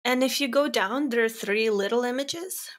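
A woman's voice: a little high, moderate pace. A woman hosting a casual podcast, politely prompting her guest with questions and thanking him often. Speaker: podcast host asking questions. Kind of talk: casual interview chat.

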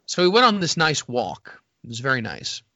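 A man in easygoing banter who rambles and pokes fun at himself, his voice bright and forward. His pitch swings a lot as he talks. The sound is dry and a little muffled. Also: sing-song, moderate pace, dry recording. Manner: rambling, self-deprecating, laughs often. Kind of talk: casual banter.

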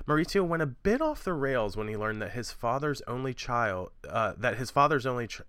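A man's voice: mid-range voice, very animated, a little fast, a bit bright, smooth, dry recording, clean studio sound. A man in his thirties co-hosting a podcast, chatting casually and rambling with fillers about a true-crime story. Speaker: podcast co-host.

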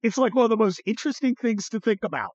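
A male podcast host talking loosely, full of "uh"s and blunt asides, with a lively pitch that swings up and down. The sound is dry and a bit dull, with no room around it. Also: fast, breathy edge, dry recording. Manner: rambling, many fillers, blunt and profane. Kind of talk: casual political chat.

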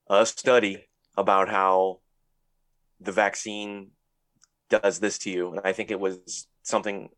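Deep-ish guy cohosting a podcast, blunt, swears a lot, dry close sound. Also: a bit bright, dry recording. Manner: blunt, swears freely, thinks aloud. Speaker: podcast co-host. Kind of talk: casual chat.

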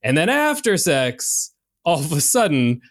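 A man's voice: on the high side, a little slow, no echo, studio quality. A man co-hosting a podcast in casual chat, with a slightly nasal voice, rambling with lots of fillers. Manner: rambling, animated, many fillers. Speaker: podcast co-host.

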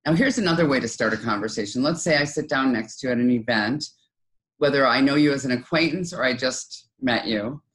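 A woman's voice: rumbling low, a little fast. A middle-aged woman, an author as interview guest, giving conversational advice and acting out example dialogue. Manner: lively, acts out quoted dialogue in other voices.

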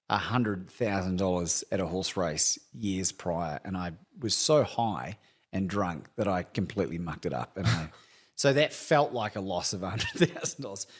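A middle-aged man, a coach speaking candidly as a guest, animated and laughing often. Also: on the low side. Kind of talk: candid conversational storytelling.

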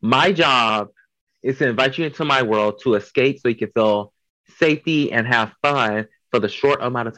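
A man's voice: medium pitch, fairly bright tone, no room sound, rough recording. Blunt joking man in dry close sound. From Chicago. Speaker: drag performer guest. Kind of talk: casual interview chat.

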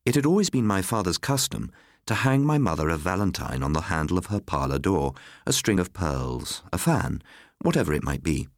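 Man, ghost story narration, very deep voice, measured, melancholy, dry close sound. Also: big pitch swings, no echo. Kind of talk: scripted ghost story reading.

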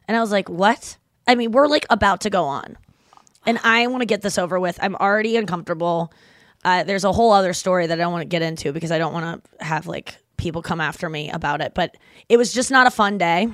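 A woman co-hosting a podcast, spinning an animated, rambling story with plenty of casual swearing. Her pitch sits at an ordinary middle height for a woman. The sound is close and dry, with no room around it. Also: brisk, no room sound. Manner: animated, rambling anecdote-telling with frequent swearing. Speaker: podcast co-host.

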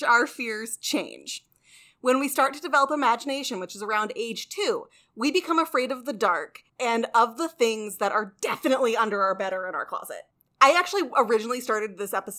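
A woman with a bright, fairly high voice talks through research in a relaxed podcast chat. She explains things plainly, swears casually and laughs often. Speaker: podcast co-host.

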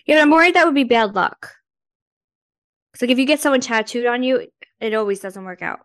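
A woman's voice: a little high, a little fast, no echo, clean studio sound. A woman with a New Jersey accent co-hosting a podcast, chatting casually with many fillers and incredulous teasing. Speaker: podcast co-host. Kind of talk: casual chat.

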